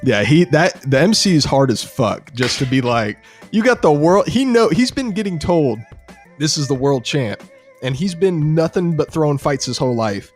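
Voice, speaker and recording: A young man hosting a podcast, excitedly retelling a show episode in casual, profane chat. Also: a little high, normal speed, soft background music. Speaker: podcast host.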